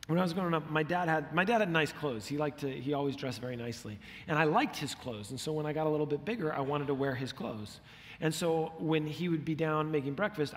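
A middle-aged man preaching a sermon as a pastor, telling stories with animation and acting out the lines he quotes. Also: on the high side. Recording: long hall reverb.

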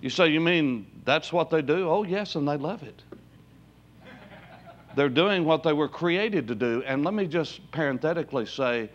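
A man preaching a sermon as pastor, with emphatic rises and slow drawn-out words. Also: medium pitch, lo-fi sound. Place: church sanctuary.

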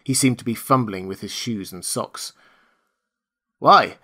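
Expressive male audiobook narrator. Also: lowish voice, moderate pace. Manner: dramatic, expressive storytelling. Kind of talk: scripted narration.

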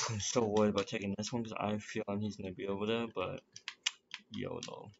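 A gamer plays a strategy game while rambling nervously and swearing, his lowish voice flat, creaky, and a little fast. The lo-fi recording carries loud background noise, including keyboard clicks and typing.

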